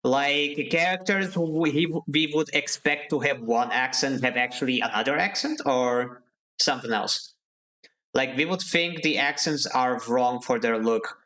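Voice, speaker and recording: A man streaming a game live, talking casually in an ordinary mid-range voice. He thinks out loud and answers his viewers as he plays. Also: medium pitch, unhurried. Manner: chatty, thinks aloud, answers chat.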